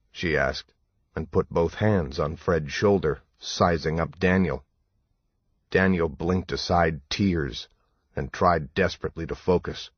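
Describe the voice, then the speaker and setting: A man narrating an audiobook in a measured, even storytelling manner. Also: deep voice, husky, no echo, muffled recording. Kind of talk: scripted narration.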